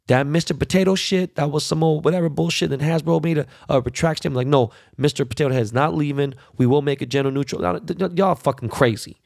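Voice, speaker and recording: A man's voice: fairly high pitch, creaky, a little mellow, dry recording, clean studio sound. A man giving casual, profane, heated commentary as a podcast host, stressing points by repeating words.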